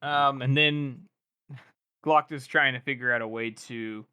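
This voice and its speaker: A man's voice: mid-range voice, fairly even intonation, a little slow, bright, forceful tone, smooth, dry recording, clean studio sound. A male podcast co-host rambling casually as he recaps a book, with plenty of fillers.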